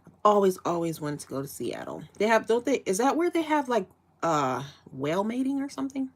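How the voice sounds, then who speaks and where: A woman's voice: mid-range voice, huge pitch swings, fairly quick. A woman from Chicago hosting a casual live chat, asking rambling questions with frequent restarts and fillers. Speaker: livestream host.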